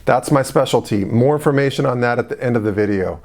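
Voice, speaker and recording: A middle-aged man hosts a business advice video, speaking casually and directly to the viewer. He fills his talk with questions and easy asides, at a mid-range pitch. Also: quick pace, darkish tone. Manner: conversational, asks the viewer questions, fillers like "you know". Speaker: host of a business advice channel. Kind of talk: casual direct-to-camera explainer.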